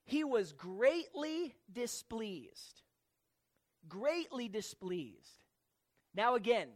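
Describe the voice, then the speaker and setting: Slow-talking preacher going verse by verse, repeats words a lot, asks the congregation questions. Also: medium pitch. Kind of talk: sermon teaching from scripture.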